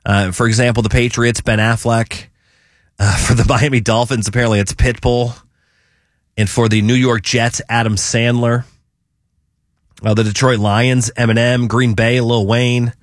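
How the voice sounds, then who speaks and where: A man's voice: medium pitch, normal speed, no room sound, studio quality. A man with a Midwestern accent hosting a casual sports talk radio show, rambling a little with plenty of fillers. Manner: relaxed, rambling, frequent fillers. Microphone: studio mic.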